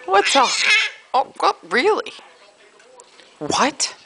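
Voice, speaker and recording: A woman talks to her baby in a gushing, sing-song voice. Her pitch sits a bit high and leaps wildly up and down. She speaks slowly and coaxingly, with faint noise behind her. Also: huge pitch swings, a bit bright. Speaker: mother. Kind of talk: baby talk to an infant.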